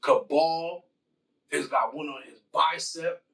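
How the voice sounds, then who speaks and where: A man's voice: fairly high pitch, fairly even intonation, slow pace, creaky, a bit bright, distant mic, poor audio. A man casually retelling a movie plot in a loose, rambling, profane way. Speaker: host.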